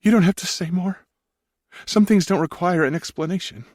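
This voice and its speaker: A man voicing a pregnant young woman, speaking softly and earnestly in an audiobook. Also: sits high, normal speed, dry recording, voice pushed up. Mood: tender. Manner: soft, earnest, teary.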